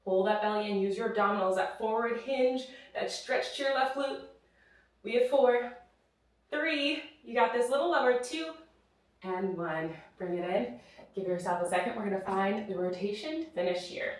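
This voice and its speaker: Out of breath, a Pilates instructor with a mid-range voice speaks at a moderate pace, counting reps and giving upbeat cues for a follow-along class. The echoey recording comes from a distant mic in a studio equipped with a reformer machine.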